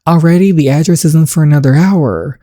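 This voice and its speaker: Girl reading as a cranky teen princess, mellow dark tone, just reads it plain. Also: sits low, brisk, no room sound, clean studio sound, voice pushed up. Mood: defiant. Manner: reads the lines plainly while playing. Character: frustrated teenage princess, sharp-tongued.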